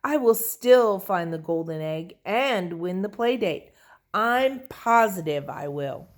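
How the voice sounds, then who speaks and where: A woman's voice: mid-range voice, lively intonation, takes it slowly, voice pushed up. A woman reading a children's storybook, voicing a scheming, boastful little boy who talks in a dramatic way. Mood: bossy.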